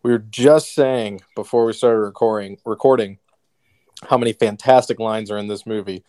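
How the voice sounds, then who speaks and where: A man co-hosting a podcast, opening the show in a lively, upbeat way and steering casual chat. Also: lowish voice, moderate pace, dry recording. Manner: upbeat, energetic show opener. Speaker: podcast co-host.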